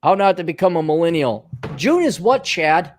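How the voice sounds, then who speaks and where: A man's voice: a little high, sing-song, normal speed, a little hiss or hum. A man co-hosting a podcast in casual banter, crude and sarcastic and swearing freely. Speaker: podcast co-host.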